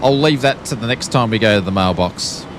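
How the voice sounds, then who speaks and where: A man's voice: lowish voice, lively intonation, fairly quick, noisy background. An Australian man streaming a flight sim, chatting casually with jokey, rambling, self-deprecating asides. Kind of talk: casual live-stream chat.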